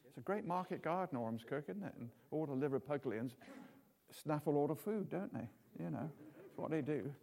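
Male preacher, chatty sermon, jokey asides, tag questions, fairly high voice. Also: animated, moderate pace, vocal fry, mellow. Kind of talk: informal sermon.

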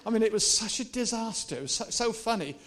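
A male preacher giving a lively, animated sermon, swinging between soft, personal asides and repeated, shouted rallying cries. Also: sits high, fast talker. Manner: animated, shouting and laughing with the crowd.

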